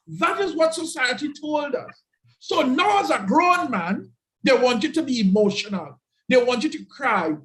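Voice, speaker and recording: A man's voice: extremely high pitch, expressive, a little slow, a bit bright, rough recording. A man giving an emphatic motivational talk over a video call, often repeating his key phrases. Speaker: guest speaker.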